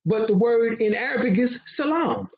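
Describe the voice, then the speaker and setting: A man's voice: extremely high pitch, animated, moderate pace. A man co-hosting a casual discussion, loose and conversational, laughing and swearing as he explains. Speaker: co-host. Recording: dull lo-fi sound.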